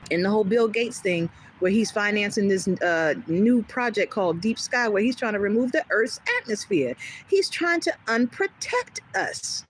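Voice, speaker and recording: A woman hosting a casual livestream from home, chatting with viewers in a rambling, animated way and laughing often. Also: on the high side, slight background noise, low-quality recording. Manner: chatty and rambling, jumping between topics. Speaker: livestream host. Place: home in California.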